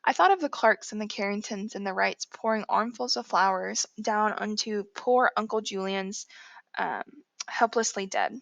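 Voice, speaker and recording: A woman narrating a novel in the first person, in a measured storytelling voice. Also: mid-range voice, vocal fry, a bit bright, no echo. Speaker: audiobook narrator.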